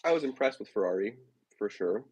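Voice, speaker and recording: A man co-hosting a casual chat, giving measured, thoughtful opinions. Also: on the low side, lively intonation, a little mellow, slightly rough, highs cut off. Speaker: podcast co-host.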